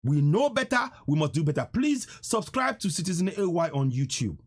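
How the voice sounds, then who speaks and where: A man's voice: on the high side, big pitch swings, normal speed. Guy on a livestream ranting, fiery, repeats himself, huskyish voice that goes up and down a lot. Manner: fiery, emphatic, repeats lines for effect. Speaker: live-stream host. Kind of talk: impassioned political live-stream rant.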